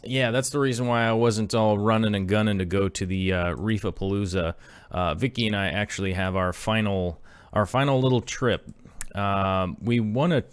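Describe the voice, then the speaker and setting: A man in his thirties chats casually on a live stream, wandering from point to point with plenty of ums and uhs. His voice sits fairly low and is recorded close and dry, with no room sound. He reads viewer messages aloud as he goes. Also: clear, resonant tone, no room sound. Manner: rambling, filler-heavy, reads chat aloud. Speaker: aquarium channel host.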